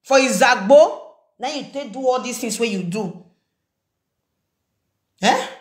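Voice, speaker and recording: A woman's voice: fairly high pitch, animated, unhurried. A woman with a Nigerian Pidgin English accent, ranting and mocking someone in a confrontational commentary video. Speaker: social media commentator. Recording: echoey room.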